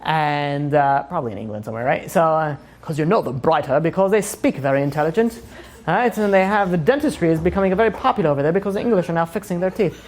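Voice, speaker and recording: A man's voice: a little high, expressive, fast talker. A man, a rabbi giving a casual, joking class. He rambles through asides and self-mocking humor and fills his talk with "you know" and "like".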